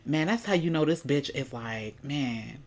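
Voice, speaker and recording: A woman's voice: a bass voice, expressive, measured pace. A woman hosting a reaction video, talking casually in a blunt, indignant and profane way.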